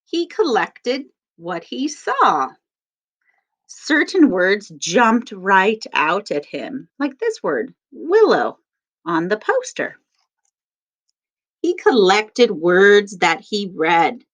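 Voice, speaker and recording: A woman teacher reading a picture book aloud to children, stressing each word slowly in a sing-song way. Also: mid-range voice, wildly swooping pitch, a bit bright. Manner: slow, sing-song emphasis on words. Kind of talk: read-aloud lesson for children. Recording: dull lo-fi sound.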